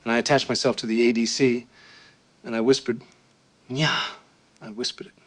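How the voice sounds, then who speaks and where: A man voicing an awkward gamer who tells a deadpan story and reads pauses aloud. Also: medium pitch, close to an everyday voice.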